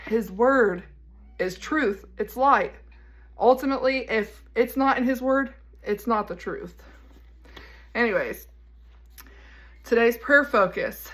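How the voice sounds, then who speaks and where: A woman hosting a daily devotional, reading her message aloud in a measured, emphatic way before reflecting casually. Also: fairly high pitch, fairly bright tone. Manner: measured, emphatic, pointed delivery. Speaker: devotional podcast host.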